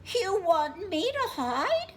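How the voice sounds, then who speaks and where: A woman's voice: very high voice, sing-song, slow, slight background noise, voice pushed up, full character voice. A woman voicing a hurt little blue boy bird who keeps crying, with a whiny, tearful voice. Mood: weepy.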